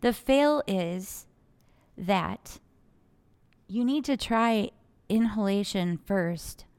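A woman's voice: mid-range voice, drawn-out words, clean tone. Chatty woman telling a shop story. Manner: chatty, animated, acts out quoted customers. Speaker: podcast co-host, aromatherapy shop owner. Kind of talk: casual chat, storytelling.

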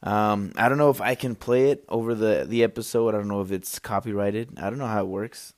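Talking fairly quickly in a lowish, darkish voice, a young solo podcast host rambles and jokes through a casual chat. He uses lots of fillers and restarts, speaking into a podcast microphone.

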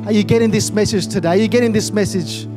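Male pastor, fervent sermon, repeats himself, calls out amen, clear music underneath. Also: high voice, fast. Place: church. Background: music playing.

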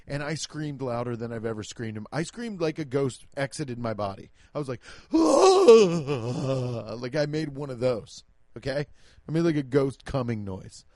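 A young man telling comic stories in a loud, profane, exaggerated rant. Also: a little high, dry recording, clean studio sound. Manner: animated, profane, exaggerated storytelling. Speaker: comedian. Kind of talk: stand-up style comic rant.

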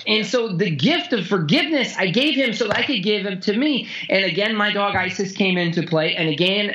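A man coaching a guest in conversation, blunt and heavy on swearing, telling stories intensely with sudden jumps in pitch. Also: bright, forceful tone, muffled recording.

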